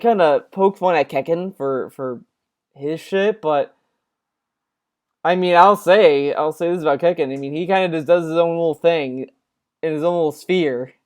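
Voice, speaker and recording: A man's voice: high-pitched, a little mellow, clear, resonant tone. A man doing casual reaction commentary, rambling and sarcastic, with many restarts. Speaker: commentary streamer.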